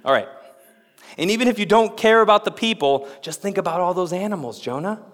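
A man's voice: high-pitched, lively intonation, a little fast, fairly bright tone, in a large hall, voice pushed up. A man voicing God as a patient figure who reasons with a sulking prophet in a coaxing tone.

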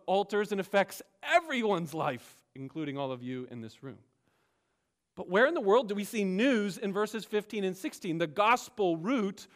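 A man preaching a sermon, explaining scripture with emphatic rises and drops in his delivery. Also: high voice. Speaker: pastor. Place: church sanctuary.

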